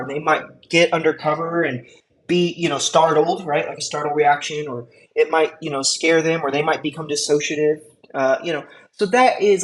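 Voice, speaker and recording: A man teaches an EMT class in a conversational classroom lecture, full of fillers and frequent check-in questions. His voice is on the high side with a fairly bright tone, and the rough recording carries a little hiss or hum.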